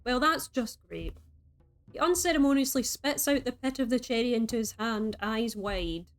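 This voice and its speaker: A woman's voice: a little high, normal speed, soft background music. A woman reading a story game aloud as a streamer, breaking in with playful, chatty asides.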